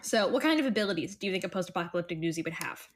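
A woman acting as game master, leading a relaxed group chat with wry, upbeat humor. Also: lowish voice, rapid-fire. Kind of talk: casual chat setting up a tabletop game.

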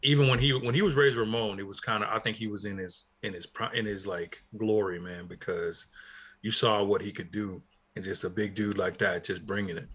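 Middle-aged guy chatting loose, bright voice, keeps restarting his sentences. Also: fairly low pitch, fairly even intonation, fairly quick, husky. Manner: laid-back, reminiscing, trailing restarts. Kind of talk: casual wrestling talk.

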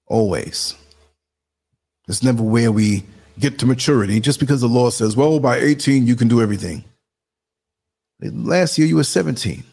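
A man's voice: mid-range voice, a little mellow, breathy edge. A man with a New York accent hosting a casual live stream, chatting to viewers and muttering asides as he works the computer. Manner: conversational, muttering asides while working the computer. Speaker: live show host. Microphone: computer streaming setup.

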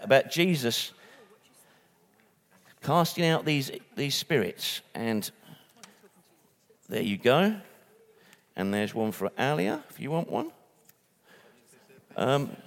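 Male preacher, somewhat high pitch, casual and halting sermon delivery, church hall reverb. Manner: chatty, repeats words, restarts.

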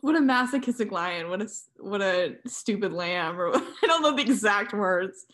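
A woman's voice: mid-range voice, expressive, normal speed, fairly bright tone. A young woman co-hosting a casual book discussion, playful and giggly, riffing on jokes. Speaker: podcast co-host.

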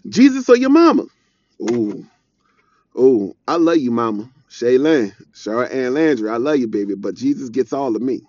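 A man's voice: mid-range voice, normal speed, warm tone, muffled recording. A young man giving an informal, earnest preaching talk, conversational and repeating his points. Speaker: devotional speaker.

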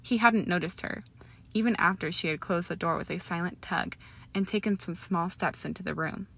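A woman reads fiction aloud as an audiobook narrator, speaking softly and evenly. Her voice sits a little low for a woman. The delivery is steady storytelling. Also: moderate pace, creaky, breathy edge. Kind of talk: audiobook reading of fan fiction.

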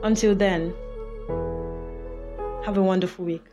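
A woman's voice: medium pitch, steady tone, unhurried. A woman hosting a reflective advice talk, speaking earnestly and repeating her key points. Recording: music playing underneath. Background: background music.

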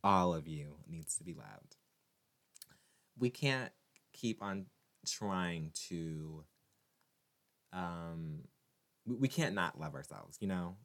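A man vlogging to his viewers in a casual monologue, animated and teasing, rambling with many restarts. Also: low voice, slow, pauses often.

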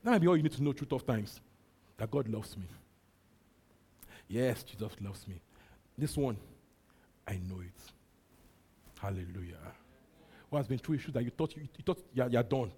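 A Nigerian man preaches in a mellow, slightly husky voice. He repeats short lines again and again and drops in hallelujahs between them. He talks like a pastor speaking straight to his church. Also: mid-range voice, animated, normal speed, pauses often. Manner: repetitive preaching with frequent hallelujahs. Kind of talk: sermon.

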